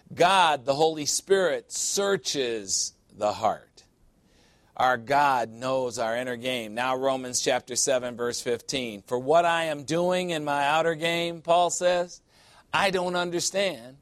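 Guy preaching a sermon, kinda high voice, punchy and playful, dry close sound. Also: dry recording. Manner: emphatic, with sudden sassy asides.

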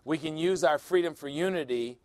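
A man's voice: on the high side, fairly quick, no room sound. Blunt older male preacher. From Chicago. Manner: storytelling, blunt and wry, acts out quotes. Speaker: pastor. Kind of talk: sermon.

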